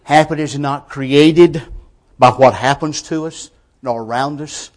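Posing rhetorical questions throughout, a male preacher gives a sermon in a voice on the high side. His delivery swings from calm, measured passages to forceful emphasis.

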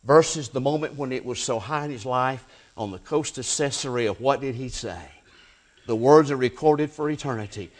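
A man preaching a sermon, swinging between loud emphatic peaks and hushed, low endings, and reading scripture aloud. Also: normal speed.

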